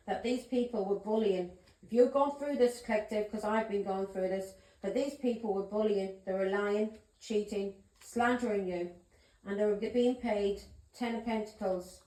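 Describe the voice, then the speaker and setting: A woman's voice: mid-range voice, darkish tone, echoey room, low-quality recording. A woman giving a tarot reading to her viewers, talking in an insistent, repetitive, accusing way. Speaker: tarot reader.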